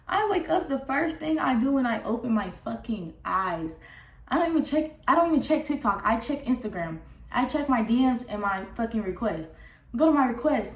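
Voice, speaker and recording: A young woman telling a casual storytime vlog, recounting a falling-out in a candid, profane and animated way. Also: medium pitch, moderate pace. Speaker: vlogger. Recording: roomy echo.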